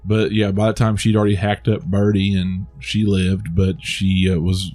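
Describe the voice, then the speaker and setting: Low-pitched and darkish, delivered flat at a normal speed, a man co-hosts a podcast with soft background music. The movie review chat is loose: he rambles, repeatedly restarts, and laughs at his own lines.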